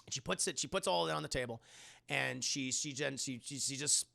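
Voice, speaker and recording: Man reviewer, casual recap, gravelly, mid pitch, loose and rambling. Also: fairly quick, bright, forceful tone. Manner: rambling, restarting, many fillers. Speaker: movie reviewer. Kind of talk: casual animated retelling.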